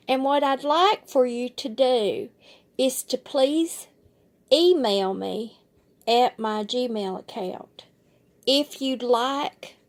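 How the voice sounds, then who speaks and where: Slow-drawling Southern woman. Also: fairly high pitch, darkish tone. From southern United States. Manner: rambling, folksy and heartfelt. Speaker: vlogger. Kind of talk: casual chat to camera.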